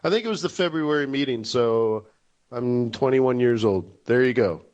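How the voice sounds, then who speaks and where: A man's voice: mid-range voice, expressive, moderate pace, darkish tone, highs cut off. A man in his forties hosting a live trading webinar, joking and laughing at his own jokes. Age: 40s. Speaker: forex webinar host.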